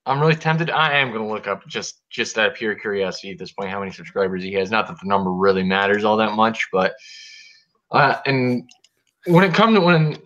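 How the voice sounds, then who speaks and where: A man's voice: on the low side, a little fast, fairly bright tone, muffled recording. A man joining a live stream as a guest, bantering crudely and restarting his sentences. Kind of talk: casual live-stream chat.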